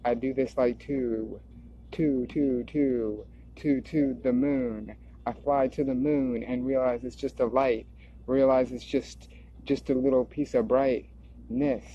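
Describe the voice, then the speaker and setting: A video creator rambles in a drifting, stream-of-consciousness monologue, repeating words and looping back to earlier thoughts. His medium-pitched voice is steady, slow and mellow. The recording is dull and lo-fi, with slight background noise.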